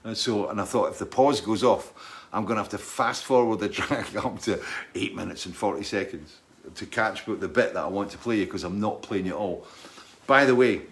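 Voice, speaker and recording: A middle-aged man, a singer, chatting casually as he answers viewer questions and tells stories in a rambling, halting way. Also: on the low side, fairly bright tone. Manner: rambling, halting, full of restarts and asides. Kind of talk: casual chat, storytelling.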